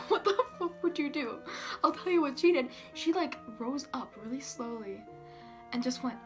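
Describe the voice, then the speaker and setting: A young woman telling a storytime tale casually. She swears a lot, fills her talk with "like", giggles and sometimes drops to a hush. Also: sits high, animated, moderate pace, soft background music. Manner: giggly, profane, filler-heavy, hushed at times. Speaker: vlogger.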